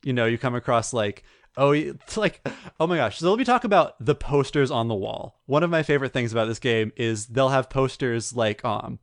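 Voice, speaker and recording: A man co-hosting a gaming podcast, recounting a video game story in a rambling, animated way. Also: mid-range voice, brisk, dry recording, studio quality. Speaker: podcast co-host. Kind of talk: casual chat.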